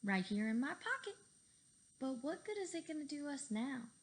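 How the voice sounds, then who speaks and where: A woman voicing a panicky tiny young boy who shouts in a high, frantic voice, read aloud from a storybook. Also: very animated, normal speed.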